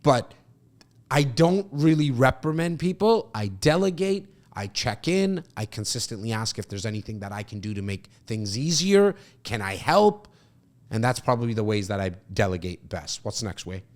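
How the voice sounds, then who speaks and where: A man from Canada hosting a podcast, answering a question casually in loose, animated talk with many restarts. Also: mid-range voice, normal speed. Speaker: podcast host and real estate agent.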